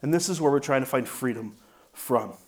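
A pastor preaches a conversational sermon, often asking "right?" and shifting his loudness for emphasis. His voice is medium in pitch and a little fast.

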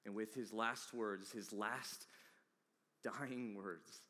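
A man preaching a sermon with dramatic swings from hushed, whispered passages to loud, emphatic peaks. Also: fairly low pitch, fairly even intonation, takes it slowly. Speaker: pastor. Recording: long hall reverb.

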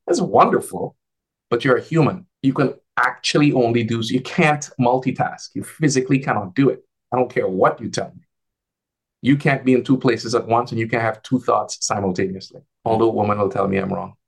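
A man talking casually as a guest on a video call, an advisor who tells animated stories and acts out the dialogue in a lifted voice. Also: medium pitch, fairly quick, vocal fry, breathy edge. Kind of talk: casual conversational storytelling.

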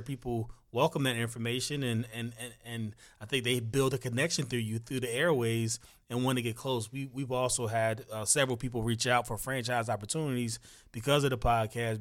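A male podcast host with a middle-pitched voice leads a casual interview. He encourages his guest with quick affirmations and then talks through his own ideas.

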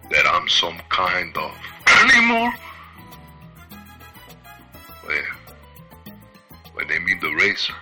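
A man's voice: deep voice, bright, forceful tone, exaggerated voice. A man playing an arrogant wrestler with a put-on Latin accent, taunting and boastful in an archival TV promo with music behind.

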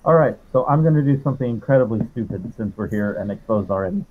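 A man's voice: medium pitch, animated, fast, phone-quality sound, crowd noise. A man playing in a tabletop game, casual and self-mocking. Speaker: player.

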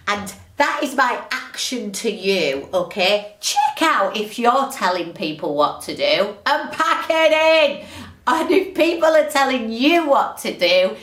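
A woman hosting her own podcast, talking in a chatty, animated, ranting way. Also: fairly high pitch, slow pace, recorded from a distance. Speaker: podcast host. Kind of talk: casual motivational monologue. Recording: roomy echo, a little off-mic.

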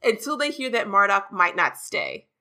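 A woman co-hosting a podcast, recapping a book in casual chat with animated, gushing enthusiasm. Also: mid-range voice, moderate pace. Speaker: podcast co-host.

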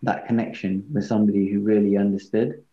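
A man hosting a podcast, talking in a gentle, reflective way in casual interview chat. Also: lowish voice, flat delivery, quick pace. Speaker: podcast host. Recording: roomy, dull-sounding.

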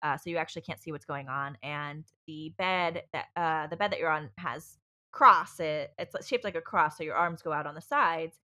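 A woman telling a personal story on a podcast in easy, candid chat. Her voice sits fairly low but rings bright and forward. She rambles, restarts her sentences and fills them with fillers, swearing freely as she goes. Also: moderate pace. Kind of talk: casual chat.

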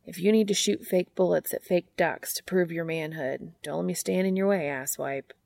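A woman's voice: lowish voice, moderate pace, gravelly, a little mellow, no room sound. A woman voicing an earnest younger brother who presses hard and gets exasperated.

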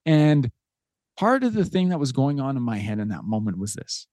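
A man's voice: mid-range voice, sing-song, normal speed, darkish tone, no room sound. A man in his thirties hosts a podcast and tells a family story in an earnest, conversational way. His voice sits in a middle register. The recording is close and dry. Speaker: podcast host. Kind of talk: casual storytelling.

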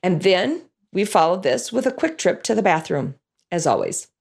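A woman's voice: fairly low pitch, moderate pace, gravelly, slightly rough. A woman who teaches a children's Bible class tells a story about it, acting out lines and sound effects. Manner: animated, acts out lines and sound effects in voices. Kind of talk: storytelling to an audience.

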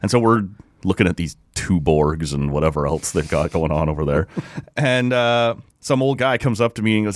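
Canadian man in his thirties, podcast host, slightly low voice, dry close sound, chatty storyteller. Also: moderate pace, no echo. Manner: chatty storyteller, animated when quoting others. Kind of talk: casual podcast chat.

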